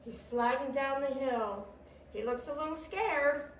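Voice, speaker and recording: This woman, a storytime reader with a high-sitting voice, gives a slow and lively reading of a children's picture book complete with sound effects. A distant mic picks her up in an echoey room, along with a little hiss or hum.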